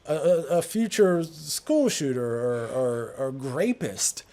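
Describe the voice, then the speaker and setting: A man's voice: fairly high pitch, expressive, slow, dark tone. A man hosting a podcast in casual talk, earnest and stumbling over repeated words as he builds his points. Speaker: podcast host.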